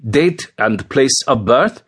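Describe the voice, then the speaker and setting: A man's voice: medium pitch, lively intonation, slow, fairly bright tone, slightly rough, exaggerated voice. A man voicing a brusque police officer who barks short orders and questions. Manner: curt, barking questions.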